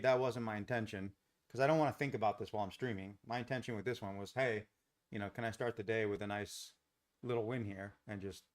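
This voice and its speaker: An American man hosting a live trading stream, talking casually and rambling with lots of fillers while he chats with viewers. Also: on the low side. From United States. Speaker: livestream trading host.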